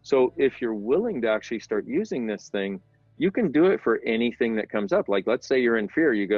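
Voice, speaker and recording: A man's voice: mid-range voice, very animated, fairly quick, dry recording. A middle-aged man, an interview guest, explaining things in a casual, earnest and rambling way with self-deprecating asides. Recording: dull sound with faint background music.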